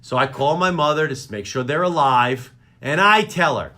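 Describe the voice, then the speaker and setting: A middle-aged man hosting a talk radio show, ranting through comic stories about his family in an excitable, exaggerated way. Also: fairly high pitch, normal speed. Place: radio studio.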